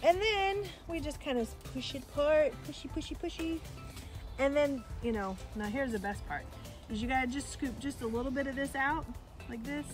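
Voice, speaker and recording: A woman's voice: high-pitched, animated, normal speed, soft background music. A middle-aged woman, a campground host, cheerfully explaining an outdoor cooking demonstration step by step outdoors. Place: outdoor campground by a fire pit.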